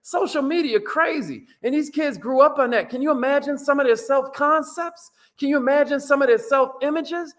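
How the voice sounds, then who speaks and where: A man giving an energetic, preachy motivational talk in casual slang, his pitch swinging up and down. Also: normal speed, hardly any pauses. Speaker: motivational speaker.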